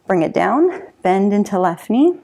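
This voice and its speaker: Yoga teacher with a gravelly, mellow voice. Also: female voice, medium pitch, measured pace. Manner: counts down and cues poses calmly, with light laughs. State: slightly out of breath. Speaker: yoga instructor. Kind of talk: guided yoga class instruction.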